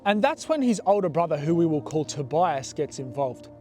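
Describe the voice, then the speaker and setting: A young man telling a story from his past in a casual, animated way, blunt and swearing freely. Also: on the high side, normal speed, faint music behind. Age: young adult.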